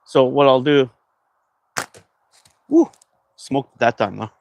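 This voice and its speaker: A man's voice: medium pitch, sing-song, slow, creaky, a little mellow, dull audio, a little hiss or hum. A man from Canada hosting a casual livestream, chatting and reading viewer comments aloud in a loose, rambling way. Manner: laid-back, rambling with fillers. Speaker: livestream host.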